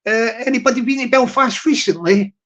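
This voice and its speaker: A man's voice: very high-pitched, brisk, fairly bright tone, lo-fi sound. A man chatting to his live stream audience in a rambling, teasing way, repeating himself and restarting.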